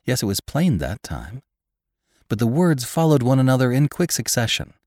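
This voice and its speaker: A man narrating a classic story in a measured, expressive reading. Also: medium pitch, no echo, studio quality. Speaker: podcast narrator.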